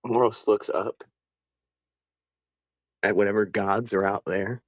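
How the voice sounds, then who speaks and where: Deep husky guy narrating his character in a tabletop game, dull lo-fi sound. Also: steady tone, slow pace, no echo. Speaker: player.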